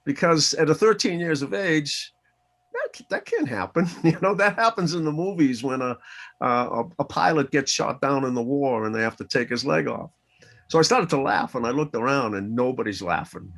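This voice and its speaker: A man's voice: mid-range voice, normal speed, creaky. A man in his sixties from the Boston area, telling a personal story in an interview and acting out the dialogue in voices. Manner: animated, acts out dialogue in voices. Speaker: interview guest.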